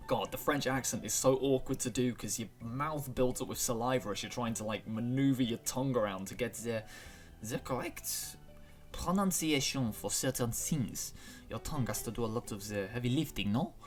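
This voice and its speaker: A hoarse man talks in a chatty, apologetic way while introducing his game episode. His voice sits at an ordinary middle pitch, and faint music plays softly behind him. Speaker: gaming YouTuber. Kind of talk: casual let's-play commentary.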